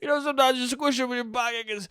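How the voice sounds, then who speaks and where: A man's voice: extremely high pitch, steady tone, rapid-fire, a bit bright, clean tone, dry recording, studio quality, voice pushed up. A man doing an impression of a muddled old politician who rambles and repeats himself. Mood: rambling.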